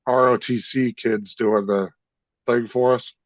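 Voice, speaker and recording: A man's voice: medium pitch, steady tone, measured pace, no echo, lo-fi sound. A blunt man chatting casually on a live stream, swearing now and then. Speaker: school bus district worker.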